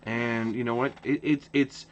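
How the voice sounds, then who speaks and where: A man's voice: medium pitch, unhurried, highs cut off. A man from Ottawa, Canada, hosting a casual opinion rant to camera, passionate, with lots of repeated restarts. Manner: passionate, repetitive restarts, animated. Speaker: hockey channel host.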